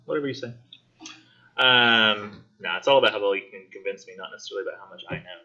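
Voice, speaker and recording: Casual male instructor with a bright, lo-fi sound. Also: on the low side. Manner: casual, acts out characters in quick voices. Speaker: college English instructor. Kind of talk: classroom discussion lecture. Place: classroom.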